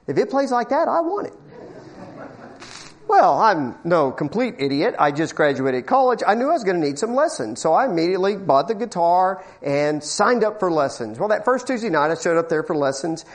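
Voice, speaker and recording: A man's voice: fairly high pitch, sing-song, brisk, hardly any pauses. A middle-aged man preaching a sermon, telling a folksy personal story and acting out the people in it. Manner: folksy storytelling with acted-out quotes and asides.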